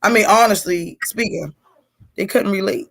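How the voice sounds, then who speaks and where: A woman in her forties hosting a casual live-streamed chat, telling stories in an animated, chatty way. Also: medium pitch, normal speed, creaky. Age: 40s.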